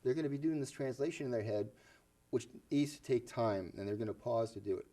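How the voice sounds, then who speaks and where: A man's voice: mid-range voice, fairly quick, warm tone. A man hosting a casual educational talk show, chatty, asking his co-host questions and laughing often.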